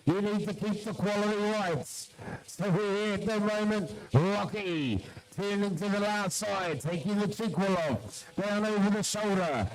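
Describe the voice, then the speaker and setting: A high-pitched man commentates live on a shearing contest. He calls out each competitor by name and pushes them to keep going. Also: measured pace, poor audio. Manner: urges competitors on, calling out names.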